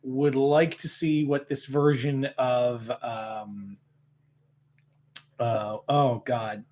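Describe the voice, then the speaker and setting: A man joining as a guest in a casual live Q&A chat, pausing with ums and getting animated when sharing opinions. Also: mid-range voice. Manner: thoughtful, pauses with ums, gets animated on opinions.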